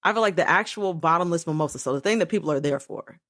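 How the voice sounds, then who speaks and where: A woman from Los Angeles co-hosting a podcast in casual chat. She is animated, laughs often and swears freely. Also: fairly low pitch, fast. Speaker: podcast co-host.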